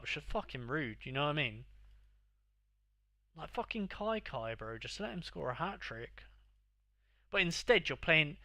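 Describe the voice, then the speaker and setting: A young man chats casually with his livestream audience. His voice is bright and forceful, the sound dry and close. He talks in mock-exasperated bursts, swearing freely as he bickers with viewers. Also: mid-range voice, animated, normal speed, long pauses, dry recording. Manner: exasperated, sweary banter with chat. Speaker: livestream host.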